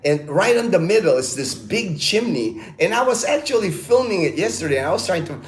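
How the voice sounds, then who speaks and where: A middle-aged man hosts a relaxed livestream, talking in a lively, swooping voice that sits a little high for a man. He tells stories with bursts of laughter and calls out viewers by name. The room around him is echoey. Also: fairly quick. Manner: animated storytelling, laughs often, reads chat names aloud. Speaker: livestream host. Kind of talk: casual livestream chat.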